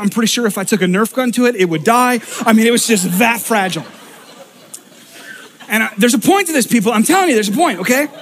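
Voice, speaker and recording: A young man preaches in a casual storytelling way, joking about himself and laughing between lines. His voice sits noticeably high for a man, and he moves easily between quick asides and slower sermon points. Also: slight background noise. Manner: animated, self-deprecating storytelling with laughter. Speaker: pastor.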